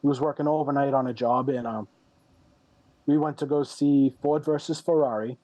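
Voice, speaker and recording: A man's voice: medium pitch, steady tone, normal speed, warm tone, no echo, low-quality recording. A man in his thirties, a podcast guest, candidly telling a personal story with many ums and retold dialogue. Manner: candid, rambling, retells dialogue with "I'm like" and frequent ums.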